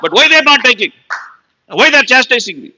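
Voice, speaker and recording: A man's voice: very high voice, sing-song, quick pace, bright, forceful tone, long reverb tail, pitched above the performer's own voice, full character voice, poor audio. A man voicing a proud, overeducated man who boasts and complains about being scolded over menial work. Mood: aggrieved. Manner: self-pitying boasting complaint.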